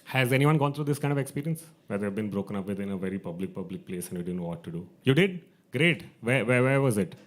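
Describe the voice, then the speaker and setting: A man's voice: on the low side, animated, fast. A man hosting an open mic, telling a comic story to a live audience, chatty and self-mocking.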